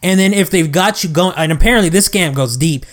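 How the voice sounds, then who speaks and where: A man with a slightly high voice hosts a casual chat, explaining things quickly and wryly. He swears casually and keeps a teasing edge as he lays out the details.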